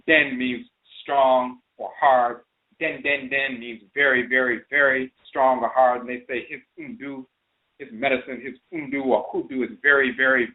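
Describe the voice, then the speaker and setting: A man hosting a radio show, telling a folktale and explaining its terms with emphatic repetition. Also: medium pitch. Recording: phone-line internet radio.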